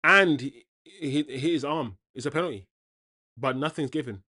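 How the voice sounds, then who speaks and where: Animated man reacting to football. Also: fairly high pitch, normal speed, slightly rough. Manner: animated, indignant, casual slang. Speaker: football watchalong host. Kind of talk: live match reaction.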